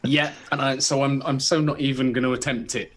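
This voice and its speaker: A man's voice: medium pitch, level tone, fairly quick, a bit bright, a little hiss or hum. A British man co-hosting a casual podcast chat, rambling with many restarts. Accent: British English. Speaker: podcast co-host.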